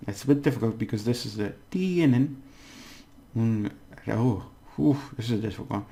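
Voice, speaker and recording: Male language tutor, patient and deliberate, gravelly, sounds out each syllable. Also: fairly low pitch, expressive, warm tone. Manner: patient, repeats words slowly syllable by syllable. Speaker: Spanish language teacher. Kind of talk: casual spoken language lesson.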